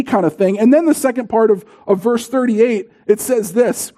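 A man in his thirties preaching a sermon as pastor, in a conversational, animated storytelling way. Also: very high voice, a little fast, hardly any pauses.

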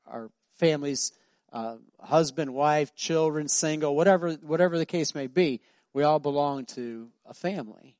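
In a church sanctuary, a middle-aged pastor preaches a sermon, telling stories conversationally and acting out the voices of the people in them. His voice sits on the high side, with no room sound.

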